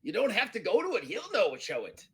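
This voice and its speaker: A man voicing a brash, joking pirate-like character who growls "yar" and talks loudly. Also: high voice, huge pitch swings, fairly quick, voice pushed up, heavily acted. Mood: eager.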